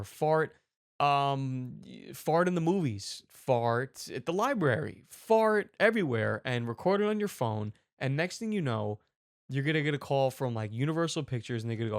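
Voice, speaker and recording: A man hosting a comedy commentary show, telling a rambling, animated story. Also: mid-range voice, no room sound, studio quality. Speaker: show host.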